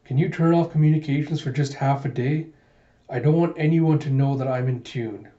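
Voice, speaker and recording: Man reading as a fiery young cyborg girl, flustered outbursts, mellow tone, dull lo-fi sound. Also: fairly high pitch, normal speed, natural voice. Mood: earnest. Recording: dull lo-fi recording.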